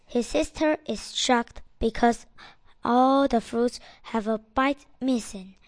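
A woman narrating a children's storybook in a slow, careful, clearly enunciated way. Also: a little high, no echo. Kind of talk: storybook reading.

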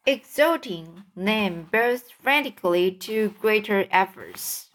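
A woman reading a children's storybook aloud, slow and careful, with occasional slips. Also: mid-range voice, animated, fairly bright tone. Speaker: reader.

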